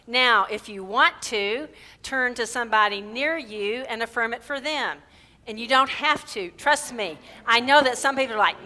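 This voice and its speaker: Woman minister, bright and clear voice, chatty sermon style, leads slow group affirmations. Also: on the high side. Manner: chatty, checks in with listeners with frequent "right?". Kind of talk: conversational sermon. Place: church service.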